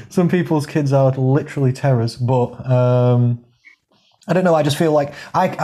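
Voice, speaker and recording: A man's voice: mid-range voice, a little mellow. A man, a fitness coach hosting a casual podcast chat, candid and laughing often as he swears freely.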